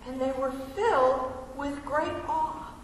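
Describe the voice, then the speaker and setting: A woman with a high voice preaches a sermon at a slow pace, reading scripture aloud and asking her listeners questions in a conversational way. The mic is far off in an echoey hall, with slight background noise.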